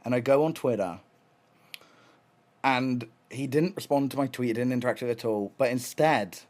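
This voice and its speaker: A young man chatting casually on a live stream, excitable and rambling, swearing often and restarting his sentences. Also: mid-range voice, normal speed.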